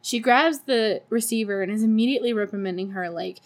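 A woman's voice: medium pitch, fairly quick, few pauses. Giggly woman recapping a movie. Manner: giggly, laughs often between sentences; chatty, swears freely. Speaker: podcast host. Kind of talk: casual solo movie recap.

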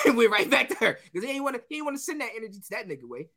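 A man's voice: high voice, racing. A man co-hosting a casual podcast, telling a story with acted-out quotes and frequent laughter. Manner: animated storytelling, acts out quotes, laughs often. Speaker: podcast co-host.

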